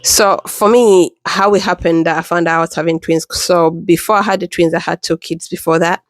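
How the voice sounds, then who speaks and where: A woman in her thirties from the United Kingdom, a mother telling her pregnancy story in a casual, chatty way, jumping up in pitch when she quotes people. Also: brisk, no room sound, clean studio sound. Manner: chatty and animated, acts out quoted voices with pitch jumps.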